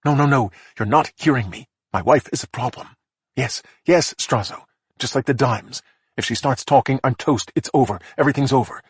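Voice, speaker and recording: Brief: reader as a panicked tycoon giving orders, urgent, dry read. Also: male voice, mid-range voice, normal speed, slightly rough, dry recording, pitched above the performer's own voice. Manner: urgent, insistent. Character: rich man, urgent on a phone recording.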